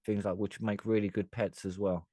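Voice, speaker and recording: A British man with a very low, deep voice chats casually as a podcast co-host. He is blunt and opinionated and swears freely. The sound is close and dry. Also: little pitch movement, moderate pace, warm tone, no echo. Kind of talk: casual chat.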